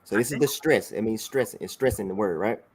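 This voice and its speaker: A man's voice: on the low side, a little fast, breathy edge. A man teaching a religious class over a broadcast, often saying "all right" and checking that his student follows along.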